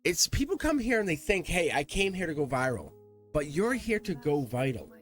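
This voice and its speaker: Animated, lively-pitched male tarot reader. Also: moderate pace, breathy edge, soft background music. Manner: animated, rambling, talks to the cards and laughs. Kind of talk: casual tarot reading to camera.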